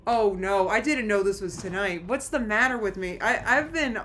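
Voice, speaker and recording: A woman livestreaming from her room, talking to her chat at a middle pitch. She rambles and restarts, sounding anxious. A faint hiss of noise sits under her voice. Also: normal speed, fairly bright tone. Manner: rambling, anxious, many restarts and nervous laughs. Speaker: streamer chatting with live chat. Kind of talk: casual live-stream chat.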